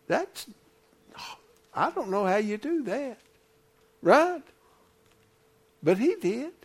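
High, lively folksy preacher man. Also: takes it slowly, long pauses, slightly rough. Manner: folksy, calls congregation "honey", swings from loud to hushed. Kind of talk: sermon. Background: congregation responses.

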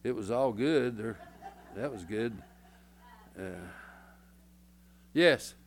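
An older man preaching a folksy, rambling sermon as pastor, breaking into loud hollers. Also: mid-range voice, animated, extremely slow, slight background noise.

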